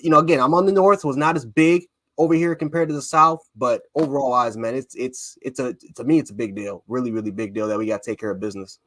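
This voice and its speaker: A man from Buffalo, New York, co-hosting a casual sports talk show, excitable and rambling. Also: medium pitch, fast, few pauses, no room sound. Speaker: co-host, fan panelist.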